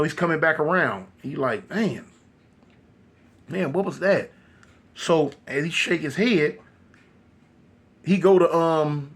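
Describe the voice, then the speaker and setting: A man telling a horror story casually, animated and loose with many fillers. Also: high voice, breathy edge.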